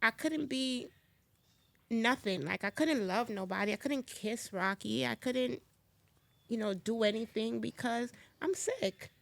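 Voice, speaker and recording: Near tears by the end, this woman pours out her story as a guest in a podcast conversation, impassioned and repeating herself. She speaks at a measured pace in a fairly high, creaky voice with lively intonation, recorded with no room sound.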